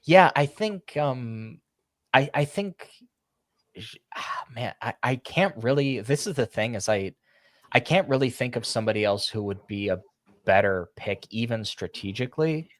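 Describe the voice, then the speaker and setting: A man in a casual podcast chat, explaining things in a halting way with frequent restarts. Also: medium pitch, lively intonation, no echo. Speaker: podcast co-host.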